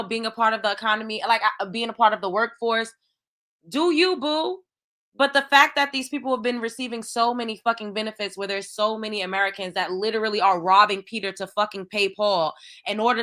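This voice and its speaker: A woman's voice: on the high side, pushed and bright. A woman hosting her own show, ranting in heated, profane commentary with lots of exclamations. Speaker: show host.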